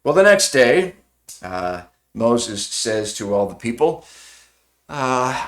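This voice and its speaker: A pastor giving a sermon, retelling a story vividly and conversationally, with frequent "uh" fillers. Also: male voice, medium pitch, sing-song, slow pace, fairly bright tone.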